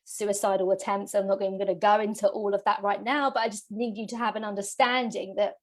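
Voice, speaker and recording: A woman's voice: mid-range voice, steady tone, fast talker. A woman business coach giving an earnest, motivational masterclass, getting emotional as she talks. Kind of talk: live masterclass presentation.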